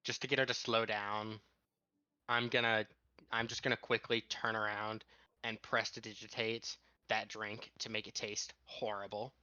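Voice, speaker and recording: A man's voice: fairly low pitch, flat delivery, moderate pace, bright, forceful tone, clear, resonant tone, no echo, muffled recording. A man playing in a tabletop game, talking in a matter-of-fact way. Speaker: player. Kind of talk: tabletop role-play chat.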